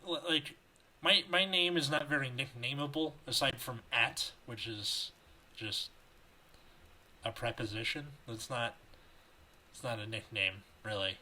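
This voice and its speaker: A man's voice: medium pitch, measured pace, long pauses, sharp tone, a little hiss or hum. A man hosting a podcast over a video call, reading fanfiction aloud and chatting in a joking, rambling way. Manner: joking, rambling, laughs often. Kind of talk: reading aloud and casual chat.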